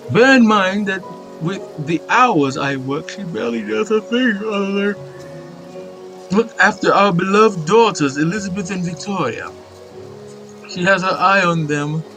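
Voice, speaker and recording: A fretful, theatrical newspaper seller in a video game, fussing at length, as a man reads his lines. The voice sits high and bright. Faint music plays behind him. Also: low-quality recording. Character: fussy middle-aged male newspaper seller. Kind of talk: reading game dialogue aloud.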